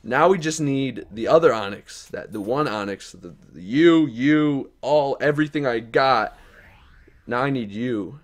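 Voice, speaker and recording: A young man doing live-stream commentary while opening game card packs, hyped and talking to the player cards, dropping to mutters and then jumping to yells. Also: mid-range voice, a little slow.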